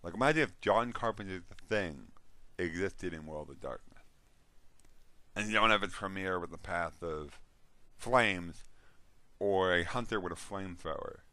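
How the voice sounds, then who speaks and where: Low, bright-voiced man rambling about games. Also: normal speed, long pauses, no echo. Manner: rambling, with restarts and yawns. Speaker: host. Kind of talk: casual monologue on role-playing games.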